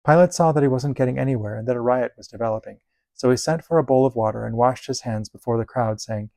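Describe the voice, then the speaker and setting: A man reading Bible passages aloud in a steady, measured delivery. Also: medium pitch, vocal fry, dry recording. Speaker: Bible reader.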